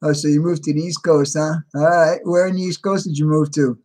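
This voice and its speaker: A man's voice: fairly high pitch, fairly even intonation, brisk, darkish tone. A man hosting a livestream, casually greeting viewers by name and answering chat, a little tired. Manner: reads out viewer names and replies to chat. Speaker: livestream host.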